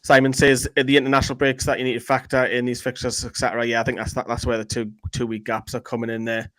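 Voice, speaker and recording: A man's voice: mid-range voice, little pitch movement, fairly bright tone, no echo, low-quality recording. Chatty man reading fan comments. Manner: chatty, rambling, quick to joke. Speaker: fan channel co-host. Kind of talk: casual chat reading viewer comments.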